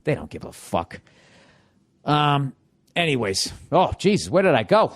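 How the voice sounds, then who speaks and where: A man hosting a podcast, ranting comically about his house with constant swearing and rhetorical questions, swinging between loud outbursts and low muttering. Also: sing-song, unhurried, long pauses. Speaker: podcast host. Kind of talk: profane comedic rant.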